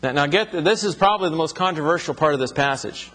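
Man, bible teacher, reads verses then explains, slightly high voice, long echo, low hum. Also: fast, a bit bright. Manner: reads scripture aloud, then explains it in plain talk.

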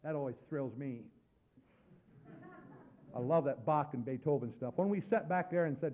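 A man preaching a sermon, telling a story in a folksy, animated way and building to loud preaching. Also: medium pitch, normal speed, pauses often, a little hiss or hum. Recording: dull lo-fi recording.

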